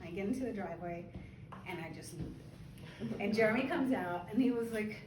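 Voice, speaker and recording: Heard from far off in an echoey room full of party chatter, this esthetician who owns a beauty spa shares a story with a small crowd at her open house. She talks briskly and expressively at a medium pitch, keeping things chatty with the occasional laugh.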